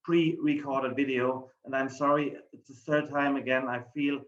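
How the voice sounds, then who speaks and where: A man's voice: mid-range voice, little pitch movement, moderate pace, reverberant, dull audio. A man with a German accent, a professor giving a formal, polite conference presentation. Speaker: professor and lead researcher presenting.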